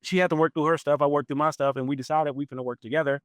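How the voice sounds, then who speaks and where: A man in his forties hosting a podcast, telling a personal story in a casual, animated way and laughing often. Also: rapid-fire, no room sound. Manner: animated, acts out quoted voices with big pitch jumps. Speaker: podcast host.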